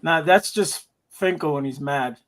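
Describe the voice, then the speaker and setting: A man's voice: a little high, measured pace, fairly bright tone. A man on a casual livestream, playfully teasing the host.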